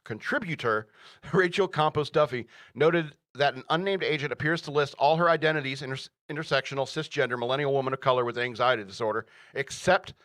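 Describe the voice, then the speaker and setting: Male radio host, mid-pitched, mocking and sarcastic, laughing through a news rant, dry close sound. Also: a little fast, a bit bright, dry recording. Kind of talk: ranting news commentary.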